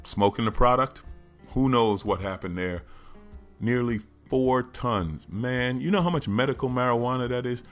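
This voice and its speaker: A man's voice: mid-range voice, normal speed, faint music behind. A man hosting a podcast, riffing sarcastically and animatedly on news stories. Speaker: podcast host. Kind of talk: comedic news commentary.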